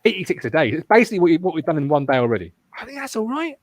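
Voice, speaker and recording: Lively, swearing host in a dry room. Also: male voice, on the high side, rapid-fire, no echo. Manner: animated, swears freely, rambling asides. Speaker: podcast host. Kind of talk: casual football podcast chat.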